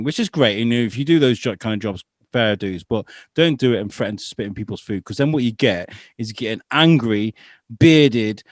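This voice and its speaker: A man's voice: lowish voice, no echo, studio quality. A man co-hosting a podcast, telling a story in casual chat with lots of swearing. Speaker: podcast co-host.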